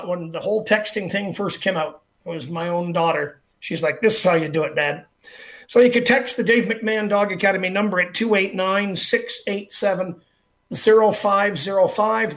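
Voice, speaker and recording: A middle-aged man hosting a radio show, chatty and relaxed, slowly repeating numbers with plenty of fillers. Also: sits high. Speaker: radio talk show host and dog trainer. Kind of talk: casual radio talk and promotion.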